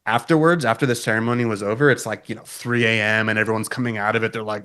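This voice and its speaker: Podcast guest, male, low-pitched, animated storyteller, heavy swearing and "like" fillers. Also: fast talker, few pauses. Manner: swears often, frequent "like" fillers. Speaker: podcast guest, metal guitarist.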